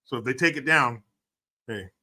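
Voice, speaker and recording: A man on a casual livestream, thanking donors and riffing on their messages. His voice is bright and forceful, and he talks bluntly, jokes a lot and swears freely. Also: medium pitch, normal speed. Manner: profane, joking and blunt. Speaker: livestream host. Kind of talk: casual livestream chat reading donations.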